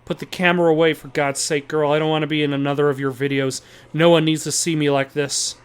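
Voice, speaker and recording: Man voicing a gruff Southern farmer, middle-aged, blustering drawl, raised pitch. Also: flat delivery, quick pace, lightly acted. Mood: bitter. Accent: put-on Southern US.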